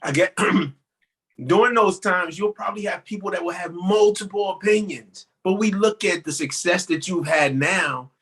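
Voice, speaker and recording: A man hosting an interview, affirming his guest and asking measured questions. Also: high-pitched, a bit bright. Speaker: interview host.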